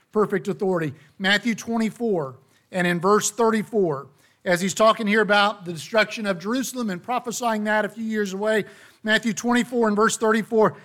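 Male preacher, high pitch, sermon delivery, slows down hard on key lines. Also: a bit bright. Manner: emphatic, slows down on key phrases, rhetorical questions.

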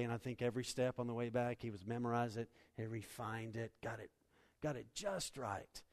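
A male pastor preaching a sermon, swinging from hushed storytelling to loud, impassioned appeals. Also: medium pitch, normal speed.

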